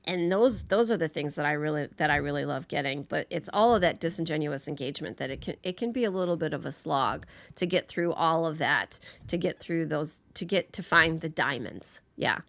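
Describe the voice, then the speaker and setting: A woman's voice: low voice, animated, a little fast, creaky, few pauses, no echo. A woman talking casually as a podcast guest, laughing often and restarting her sentences as she thinks. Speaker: podcast guest, patient advocate. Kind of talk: casual conversation.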